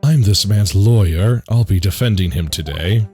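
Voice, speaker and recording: A man voicing a confident young male defense lawyer who speaks calmly and firmly, reading game dialogue aloud. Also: on the low side, soft background music, natural voice. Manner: calm, firm, measured.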